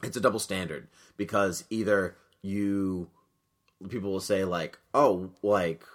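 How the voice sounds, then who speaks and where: A man co-hosting a casual podcast, chatty and wry, quick to correct with a fun fact. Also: low voice, steady tone. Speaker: podcast co-host.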